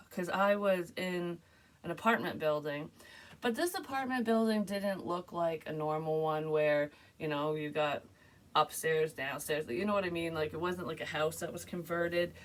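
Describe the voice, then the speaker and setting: A woman psychic casually retelling a strange dream to camera, rambling, swearing and filling with "like". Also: fairly low pitch. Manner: rambling, animated, swears freely, frequent "like" fillers. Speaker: psychic medium sharing a dream.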